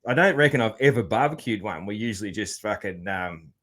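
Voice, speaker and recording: A man's voice: on the low side, lively intonation, a little fast, a bit bright. A man with an Australian accent hosting a podcast interview in a laid-back, casual way, swearing freely and leaning on fillers. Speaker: podcast host.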